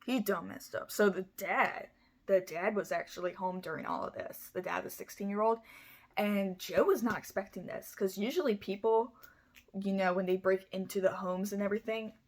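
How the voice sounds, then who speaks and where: Woman vlogger, mid pitch, casual true-crime storyteller, rambling and profane. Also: normal speed. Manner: rambling and chatty, full of "like" and "you know"; blunt, swears freely.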